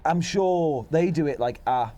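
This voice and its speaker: Young male podcast co-host, playful and self-mocking, slightly high voice. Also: animated, a little slow, dark tone. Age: young adult. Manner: boastful, playful, self-mocking about his spelling. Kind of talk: casual banter.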